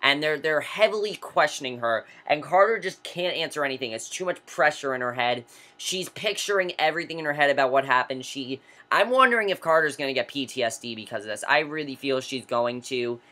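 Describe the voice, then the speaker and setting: Young male reviewer, casual recap, excitable, rambles with lots of fillers, mid-pitched voice. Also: brisk. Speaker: TV episode reviewer.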